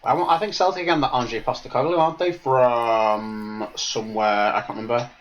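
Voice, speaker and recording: A man co-hosting a podcast in casual football chat, animated and jokey, rambling from point to point. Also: medium pitch, fairly quick, muffled recording. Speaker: podcast co-host.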